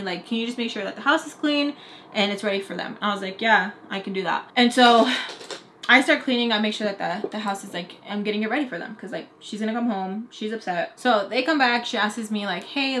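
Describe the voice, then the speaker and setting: A woman's voice: medium pitch, a bit bright, slight background noise. Chatty young woman telling a story. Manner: chatty retelling, acting out both sides of conversations, lots of "like". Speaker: storytime vlogger. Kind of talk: casual storytelling.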